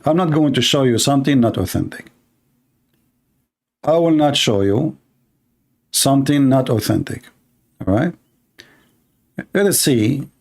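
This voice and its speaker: A man hosting, giving heated commentary on a clip, blunt and scornful and quick to insult. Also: mid-range voice, darkish tone. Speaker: host commenting on a video clip.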